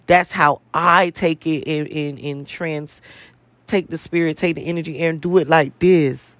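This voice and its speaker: Man, high-pitched, profane repetitive rant, dry close sound. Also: steady tone, unhurried, a bit bright, dry recording. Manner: profane, emphatic, repeats phrases for emphasis. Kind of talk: casual spiritual rant to camera.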